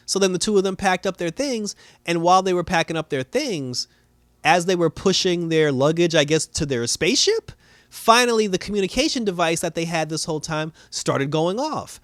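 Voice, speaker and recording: A man's voice: high voice, animated, moderate pace, a bit bright, no echo, studio quality. A man giving a casual, rambling recap and review of a TV episode, slangy and laughing often.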